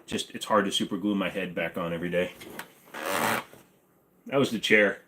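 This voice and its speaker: A man's voice: sits low, steady tone, normal speed, noisy background. Rambling, joking man in his forties. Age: 40s. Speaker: livestream host. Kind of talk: casual livestream Q&A. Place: apartment bedroom-living room.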